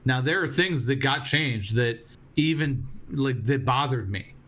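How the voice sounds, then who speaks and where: A man co-hosting a movie podcast, talking in a thoughtful, animated way and laughing along. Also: mid-range voice, a little slow. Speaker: podcast co-host. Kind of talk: casual chat about movies.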